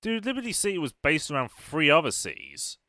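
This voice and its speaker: A young man with a fairly high, bright, forceful voice whose pitch swoops wildly, talking fairly fast. Recorded dry at studio quality, this gaming streamer chats casually about his racing game while playing live, reading and responding to viewer chat as he goes.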